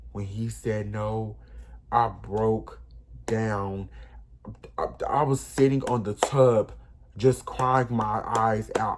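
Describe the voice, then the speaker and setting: A young man with an ordinary mid-range voice tells a personal story to his viewers. He rambles and circles back, and his retelling is openly emotional. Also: mid-range voice. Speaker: vlogger. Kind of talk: storytime vlog.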